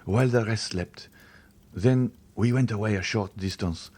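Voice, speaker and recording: A man narrating a classic novel audiobook in a measured, expressive way. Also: lowish voice, breathy edge. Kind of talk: scripted narration.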